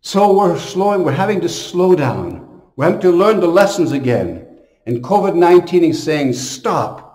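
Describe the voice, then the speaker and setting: Emphatic priest in an echoey room. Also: male voice, sits high, sing-song, normal speed. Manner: storytelling, emphatic, with sudden loud bursts. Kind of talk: homily to camera.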